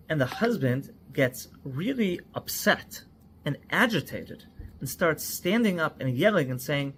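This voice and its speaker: A man's voice: on the high side, lively intonation, moderate pace, fairly bright tone, slight background noise. Earnest man telling a cautionary story. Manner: earnest, stacks words in lists. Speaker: psychological first aid trainer.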